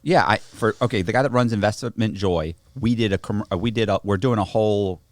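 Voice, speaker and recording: A man's voice: fairly low pitch, a little fast, no room sound. A man telling a long anecdote as a podcast guest, rambling with many restarts and slang. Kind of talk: casual storytelling chat. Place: podcast studio.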